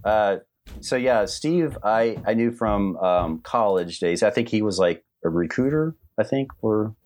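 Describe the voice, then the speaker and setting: Middle-aged male storyteller, very deep voice, loose and rambling, lots of restarts. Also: lively intonation, unhurried, a little mellow. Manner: rambling, many restarts and fillers. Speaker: animator guest telling stories. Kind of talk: casual storytelling on a livestream.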